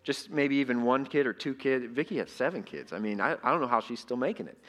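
Bright-voiced pastor in an echoey hall. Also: male voice, medium pitch, expressive, quick pace. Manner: conversational, asks the congregation questions. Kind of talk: sermon. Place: church sanctuary.

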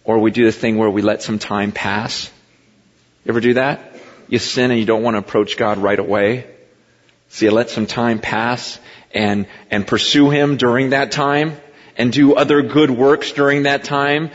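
A man's voice: medium pitch, fairly even intonation, moderate pace. Man preaching in a reverberant hall. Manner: conversational preaching, rising to impassioned emphasis. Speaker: pastor. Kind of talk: sermon. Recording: muffled recording with long hall reverb.

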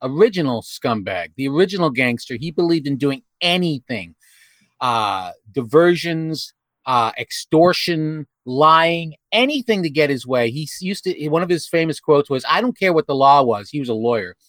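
A man's voice: a little high, lively intonation, a bit bright, no echo. A man hosting a casual group conversation over a video call, rambling and restarting often as he asks questions. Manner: rambling, halting with many restarts and fillers. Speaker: podcast host.

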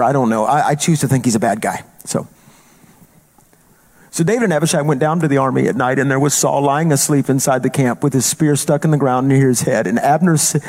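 A man's voice: medium pitch, darkish tone. A male traveling evangelist preaching a sermon in an emphatic, colloquial way, repeating phrases for punch.

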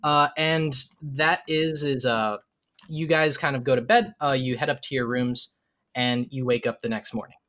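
Bright-voiced man running a tabletop game. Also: mid-range voice, fairly even intonation, normal speed. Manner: loose, chuckling, many fillers. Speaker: game master.

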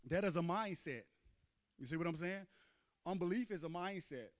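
High-voiced, smooth-toned man preaching. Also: expressive, moderate pace. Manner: emphatic, repeats "amen" and "you see what I'm saying". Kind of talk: sermon. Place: church.

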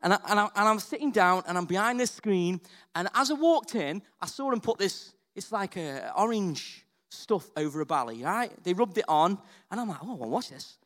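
A man with a high, bright voice delivers a sermon at normal speed, telling his story chattily and checking in with "right?" and "okay?". He moves between quiet, confiding asides and excited peaks that nearly become shouts.

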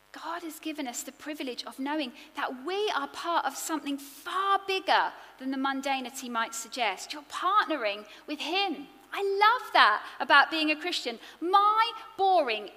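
A woman preaching in an earnest, expressive way, her voice bright and a touch high. She builds her points in rhythmic lists, and a long reverb trails after each phrase as if in a large hall. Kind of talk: sermon.

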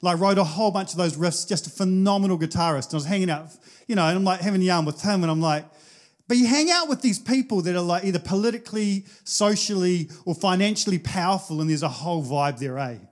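High-voiced New Zealand pastor, chatty. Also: male voice, fast. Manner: casual anecdotal storytelling, chatty with many fillers. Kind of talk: sermon.

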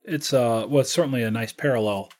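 A man, a priest, talking through a scripture scene in relaxed conversation, imagining it aloud with many restarts. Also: mid-range voice, fast. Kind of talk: conversational faith podcast.

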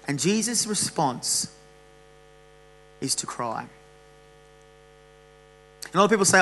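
A man's voice: medium pitch, normal speed, long pauses, low-quality recording. Casual man preaching. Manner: casual, animated preaching with jokes and restarts. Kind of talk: sermon.

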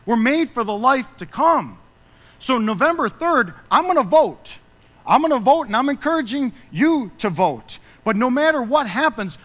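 A man preaching a sermon as pastor, emphatic, rising loud and dropping soft. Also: high-pitched, in a large hall.

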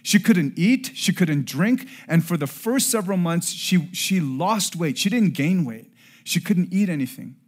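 A middle-aged man preaching a sermon and telling a personal story, earnest, rising to loud emphasis and dropping to hushed tones. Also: high voice, lively intonation, unhurried, slightly rough. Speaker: pastor.

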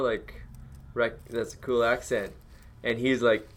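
A man's voice: medium pitch, steady tone, moderate pace, fairly bright tone. A young man chatting casually, rambling with lots of fillers and swearing. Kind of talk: casual chat.

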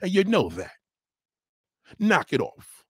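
New guy ranting on his stream, husky and kinda high, dry sound. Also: huge pitch swings, slow pace, fairly bright tone, dry recording. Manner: heated, scolding, repetitive. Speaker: livestream host. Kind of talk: ranting commentary.

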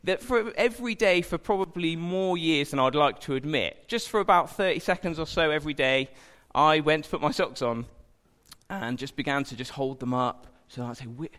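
In a church hall full of long reverb, a young man delivers a casual sermon at a moderate pace. His voice is a little high and a bit bright, and he keeps it chatty, joking at his own expense with playful asides.

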